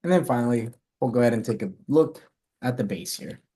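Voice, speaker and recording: A man's voice: medium pitch, expressive, brisk, mellow. Man talking through code step by step. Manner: talks through code step by step, self-correcting. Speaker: coding instructor. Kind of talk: live coding lesson.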